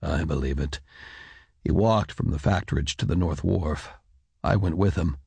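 Man doing a tired stoic dad, low and quiet, gravelly and husky. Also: moderate pace, dry recording, full character voice. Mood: subdued. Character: stocky, weary laborer father, quiet and stoic. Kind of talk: audiobook character voice.

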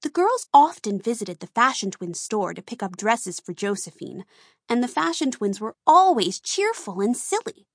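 A woman reading a children's storybook aloud, slow and expressive. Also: fairly high pitch, breathy edge, no room sound, studio quality. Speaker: narrator.

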